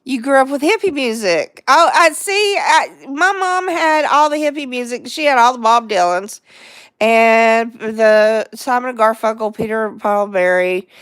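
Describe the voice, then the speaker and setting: A woman's voice: fairly high pitch, measured pace, fairly bright tone, no echo, clean studio sound. A middle-aged woman hosting a casual livestream chat, rambling along, chatting to viewers and laughing often. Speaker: livestream host.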